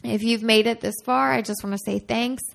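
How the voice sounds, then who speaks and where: A woman's voice: a little high, fairly even intonation, fairly quick, creaky. A woman co-hosting a podcast, reading a listener's letter aloud and teasing her co-host. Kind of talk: casual chat, reading a listener email aloud.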